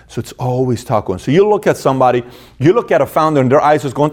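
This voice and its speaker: Fast-talking emphatic man host. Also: mid-range voice, expressive. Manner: emphatic, repeats phrases, acts out inner dialogue. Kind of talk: motivational business talk to camera.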